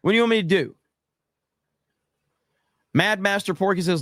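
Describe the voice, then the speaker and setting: An American host on a laid-back livestream reads super chats and answers them with exasperated, profane humor. His fairly bright voice sits high and moves at a normal speed, recorded in clean studio sound with no room sound.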